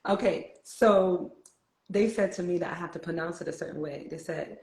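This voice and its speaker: A woman's voice: on the low side, moderate pace, darkish tone. A woman from New York with a New York accent, chatting casually and reflectively as a livestream host, laughing often. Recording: roomy echo.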